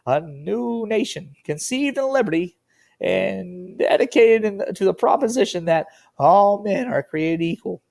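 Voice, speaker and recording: A man putting on a slow, solemn 1800s statesman voice. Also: high voice, expressive, gravelly, a little mellow, voice pushed up, heavily acted. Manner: slow, drawn-out, declaiming oratory. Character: solemn 1860s statesman giving a speech, man.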